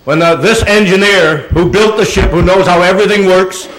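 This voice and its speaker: An older man giving an animated, anecdotal talk to an audience, slipping into voices as he goes. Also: high-pitched, moderate pace, rough recording. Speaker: guest speaker. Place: auditorium presentation.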